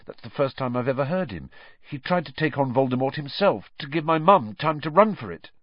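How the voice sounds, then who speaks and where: A man's voice: mid-range voice, animated, fairly quick, no echo, voice pushed up, lightly acted. A man voicing a shaken but determined teenage boy wizard, earnest and tense, on a dull, dry audiobook recording.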